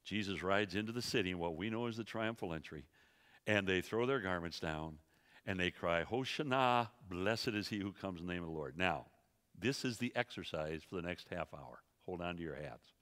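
Emphatic preacher with a bright ringing voice. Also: male voice, low-pitched, in a large hall. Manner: emphatic, rhetorical questions to the audience, quick asides. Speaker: Bible teacher. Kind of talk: teaching sermon to a church audience. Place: church sanctuary.

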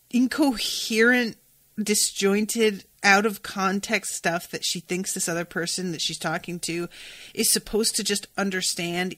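Bright-voiced woman recapping casually. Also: medium pitch. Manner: chatty, swears freely, reads quoted dialogue aloud. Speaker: podcast host recapping a TV episode.

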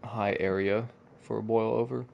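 A man's voice: lowish voice, fairly even intonation, moderate pace, creaky, dull audio, background noise. A young man bantering crudely and laughing with a friend while they play a video game together over voice chat. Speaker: co-player. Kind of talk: casual gaming chat.

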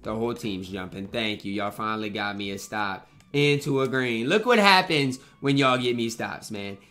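With a lowish, bright, forceful voice at normal speed, a young man narrates his basketball video game match live as a gaming YouTuber. He sounds frustrated, leans on slang, and trash-talks his opponent and teammates alike.

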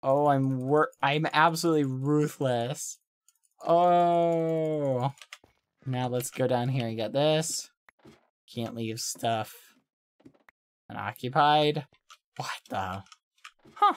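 Young male streamer; slow, playful chat with gasps and sound-effect noises, talking straight to his viewers. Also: mid-range voice, smooth. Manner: chatty, addressing his chat. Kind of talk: casual gameplay livestream commentary.

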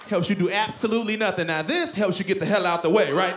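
A man doing stand-up comedy in an animated way, often breaking into shouts and laughter. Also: sits high, a little fast, long pauses, background noise.

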